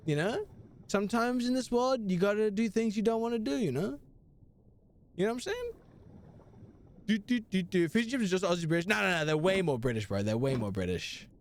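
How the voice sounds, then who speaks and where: Young male streamer, animated and chatty, high voice with very lively swings. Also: quick pace, slight background noise. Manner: animated, chatty, replies to chat with slang. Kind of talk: casual live gaming stream.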